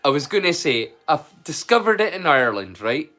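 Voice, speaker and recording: Hosting a laid-back live-stream watch-along, this man talks at a moderate pace in a slightly high, sing-song voice with a sharp tone. His accent is Scottish but blended from many places, and he rambles on, replying straight to his chat.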